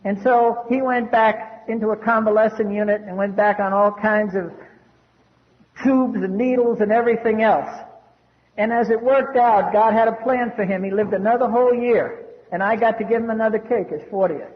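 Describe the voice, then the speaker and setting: Older guy, high voice, dry blunt jokes, telling his story in a big echoey hall. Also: normal speed, phone-quality sound. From US East Coast. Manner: blunt, wry, salty humor. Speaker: AA speaker. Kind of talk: recovery meeting share, storytelling.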